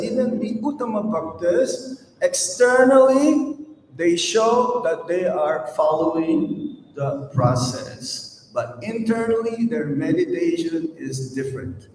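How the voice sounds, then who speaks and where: A man giving a slow, emphatic devotional sermon to an audience, with rhetorical questions. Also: sits high, darkish tone, a little hiss or hum. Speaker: swami giving a lecture. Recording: echoey hall, mic at a distance.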